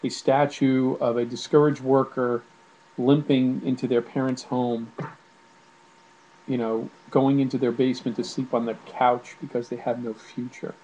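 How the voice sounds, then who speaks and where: A man's voice: medium pitch, flat delivery, a little slow, mellow, lo-fi sound, slight background noise. A man giving casual spoken commentary to camera at home, irritated and ranting, with many fillers and restarts. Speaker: video blogger.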